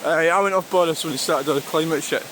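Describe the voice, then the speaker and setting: Scottish man, casual rambling walk-and-talk, slightly high voice, loud rushing stream behind him. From Scotland. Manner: chatty, rambling, swears casually, talks to the camera and to birds. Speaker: vlogger. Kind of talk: casual walking vlog talk. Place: outdoors by a river and waterfall. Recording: rushing stream noise outdoors.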